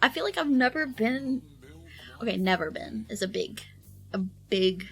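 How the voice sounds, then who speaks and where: A woman's voice: fairly high pitch, lively intonation, measured pace, vocal fry, fairly bright tone, soft background music, rough recording. A young woman streaming while she draws, chatting casually with lots of fillers, giggles and squealed reactions. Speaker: art streamer. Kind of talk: casual chat while drawing.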